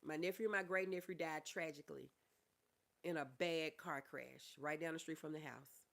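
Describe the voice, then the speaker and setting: Middle-aged woman, casual livestream chat, reads comments aloud, says honey and y'all, soft on grief. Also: low voice, fairly even intonation, moderate pace, gravelly. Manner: reads viewer comments aloud and answers them warmly; calls listeners honey and y'all.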